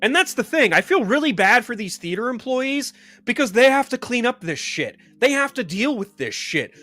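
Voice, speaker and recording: A man hosts a commentary show in a heated, profane rant. His voice sits high and swings widely. It has a bright edge, with faint music behind it. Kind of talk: ranting commentary.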